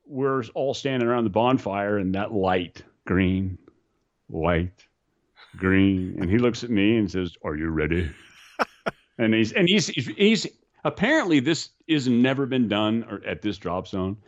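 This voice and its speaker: A man casually telling skydiving stories, animated and swearing, often restarting and mimicking other people. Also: on the low side, measured pace, highs cut off. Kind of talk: casual storytelling.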